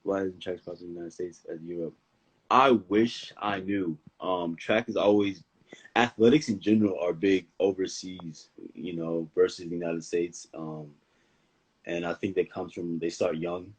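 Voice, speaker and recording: A young man speaking as the guest of a casual live-stream interview, relaxed and laid-back, laughing easily. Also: low voice, moderate pace, breathy edge, low-quality recording. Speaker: guest athlete.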